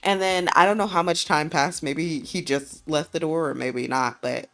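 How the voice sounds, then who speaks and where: A woman's voice: deep voice, fairly even intonation, moderate pace, fairly bright tone. A woman streamer casually retelling a dream, rambling and using lots of fillers. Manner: rambling, filler-heavy storytelling.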